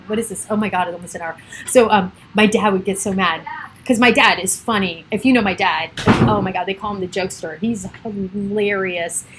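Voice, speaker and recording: A woman's voice: medium pitch, slight background noise, poor audio. A middle-aged woman hosting a casual livestream, chatting and laughing often as she greets viewers by name. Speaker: livestream host.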